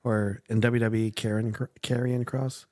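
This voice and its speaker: A man's voice: mid-range voice, level tone, normal speed, darkish tone, dry recording, clean studio sound. A man co-hosting a podcast, casually recapping comic storylines with lots of fillers. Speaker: podcast co-host.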